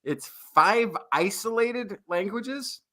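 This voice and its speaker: American guy co-hosting a podcast, rambly chat, bright lively voice that jumps around. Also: high voice, takes it slowly. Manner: rambling, full of restarts, animated. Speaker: podcast co-host. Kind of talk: casual chat.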